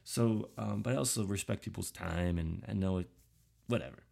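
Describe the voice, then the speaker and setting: A man's voice: deep voice, moderate pace, gravelly, a little mellow. A man hosting a podcast, talking through a casual, rambling monologue full of fillers and restarts, self-deprecating. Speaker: podcast host.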